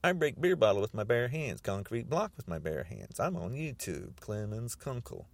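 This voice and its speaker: A man's voice: medium pitch, big pitch swings, moderate pace, creaky, dry recording. A man podcasting a ranting political monologue, mocking and repeating himself.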